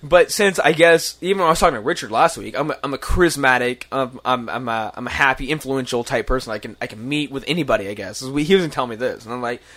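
A man's voice: mid-range voice, fast talker, hardly any pauses, fairly bright tone, no room sound. A young man rambling through a profane party story in casual podcast chat, laughing and restarting often. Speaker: guest storyteller.

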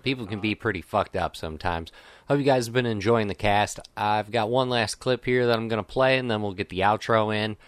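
A man's voice: lowish voice, brisk, dry recording. A man hosting a podcast, blunt and swearing in casual chat. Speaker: podcast host.

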